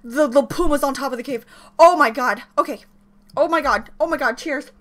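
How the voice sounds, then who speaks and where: A woman giving an excited reaction commentary, gushing and squealing with repeated exclamations over faint music. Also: high-pitched, brisk. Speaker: reaction video creator.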